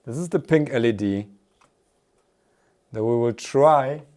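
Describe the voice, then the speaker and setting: Man, slow unhurried speech, mid-pitched voice, live build commentary, thinking aloud, chuckles between steps. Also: dark tone. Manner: thinking aloud while tinkering, laughs often. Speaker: maker live streamer.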